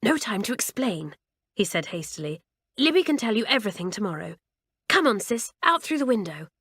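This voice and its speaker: A woman's voice: mid-range voice, expressive, moderate pace, a bit bright, no echo, studio quality. A woman voicing a protective teenage boy in an audiobook, curt and hissing when angry. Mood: urgent. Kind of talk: audiobook character reading.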